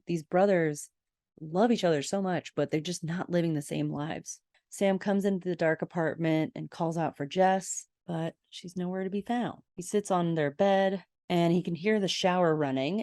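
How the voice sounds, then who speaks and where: A woman's voice: on the low side, normal speed, mellow, dry recording, clean studio sound. A woman hosting a podcast, expressively recapping a TV episode with gasps and exclamations. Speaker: podcast host.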